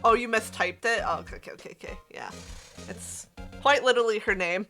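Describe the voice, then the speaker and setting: Young woman, game streamer, casual chat, high voice, bright, unhurried. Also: faint music behind. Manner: chatty, laughs and swears while reading. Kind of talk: casual live-stream commentary.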